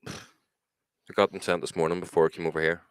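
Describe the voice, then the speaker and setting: A man's voice: low-pitched, level tone, fast talker, clear, resonant tone, no room sound, clean studio sound. A man, chatting casually as co-host about making music and telling prank call stories, swearing freely. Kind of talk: casual chat.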